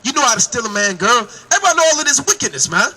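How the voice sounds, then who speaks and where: A man with a very high, bright voice preaches outdoors. He keeps hammering his point and calling out to his listener as brother and man. The sound is sharp and forceful. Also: big pitch swings, very fast, poor audio. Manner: emphatic, calls out "brother" and "man". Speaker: street preacher. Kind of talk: street preaching.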